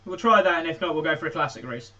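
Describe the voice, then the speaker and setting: A man's voice: on the high side, lively intonation, very fast, pushed and bright, highs cut off. A man from Birmingham, chatting casually and jokingly while producing music on a live stream, his throat a little sore. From Birmingham, England. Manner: jokey, self-mocking, laughs often. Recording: distant mic, music playing behind.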